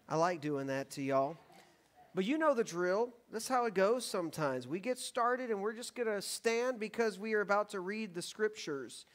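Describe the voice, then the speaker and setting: A man in his thirties with a high, light voice leads worship as pastor. He talks to the congregation in a relaxed, joking way. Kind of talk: sermon. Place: church sanctuary.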